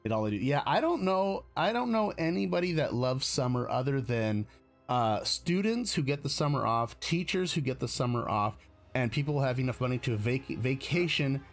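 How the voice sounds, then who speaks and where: A man's voice: mid-range voice, lively intonation, normal speed, faint music behind. A man from the United States hosting a live stream, chatting casually in a rambling, self-correcting way with frequent chuckles. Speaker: streamer host.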